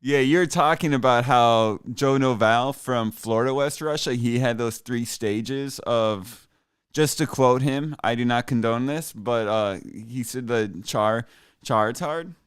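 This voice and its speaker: A man's voice: mid-range voice, a little slow, smooth, no room sound, clean studio sound. A man hosting a casual live broadcast, teasing a caller with sarcastic, mock-outraged banter. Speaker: streamer host.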